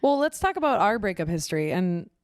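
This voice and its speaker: A young woman co-hosting a casual podcast, talking fast and loose and swearing freely. She tells stories animatedly and jumps into the voices of the people she quotes. Her voice sits in an ordinary middle range, recorded close and dry. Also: medium pitch, very animated, no room sound. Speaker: podcast co-host. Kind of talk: casual chat.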